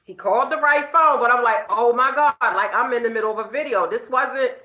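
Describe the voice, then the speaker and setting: A woman's voice: fairly high pitch, fairly quick, sharp tone. A middle-aged woman, telling a story to her viewers in a chatty, casual way and tagging her sentences with okay. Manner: chatty, addresses viewers as girl and y'all, frequent okay tags. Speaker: vlogger talking to her viewers. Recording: echoey room, slightly dull sound.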